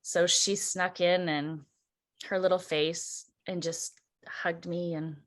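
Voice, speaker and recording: A woman's voice: on the low side, slow. A woman co-hosting a church chat show, telling a travel story with lots of laughter and acted-out voices. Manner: animated, acts out quoted voices, laughs often. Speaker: co-host.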